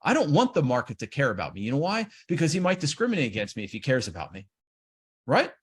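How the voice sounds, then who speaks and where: A man giving an animated seminar talk on trading, acting out the inner voices of traders. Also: mid-range voice, fast, slightly rough. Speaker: trading educator.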